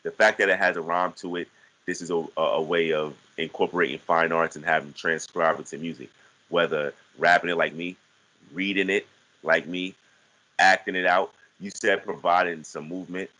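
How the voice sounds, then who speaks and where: A man talking casually about teaching verse, halting with frequent restarts and repeated words. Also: sits low, steady tone, bright, forceful tone, rough recording. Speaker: guest teaching artist. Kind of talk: casual conversational teaching talk.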